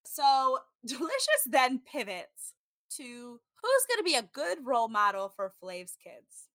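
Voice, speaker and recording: A woman's voice: high-pitched, wildly swooping pitch, measured pace, a bit bright, no echo. A woman hosting a casual podcast, recapping a reality show in a chatty way with lots of "like". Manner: chatty, heavy use of "like", mimics people in quotes. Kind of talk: casual chat.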